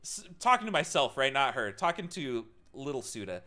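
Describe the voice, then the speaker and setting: Lively, bright young man telling stories. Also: medium pitch, brisk. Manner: animated, laughing often, swearing. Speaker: streamer. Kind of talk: casual storytelling to a live chat.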